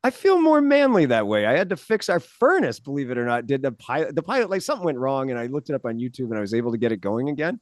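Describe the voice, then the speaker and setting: Lively, jokey middle-aged co-host. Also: male voice, mid-range voice, quick pace, hardly any pauses, no room sound, clean studio sound. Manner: enthusiastic, self-deprecating, jokey. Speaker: podcast co-host. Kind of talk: casual podcast interview.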